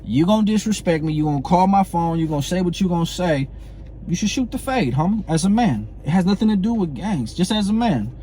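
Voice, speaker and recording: A man's voice: high-pitched, expressive, brisk, mellow, slight background noise. A middle-aged man, delivering a blunt, profane, confrontational monologue to camera and repeating himself for emphasis. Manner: heated, blunt, profane, repeats phrases and asks "you know what I'm saying". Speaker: former prison inmate calling out a comedian.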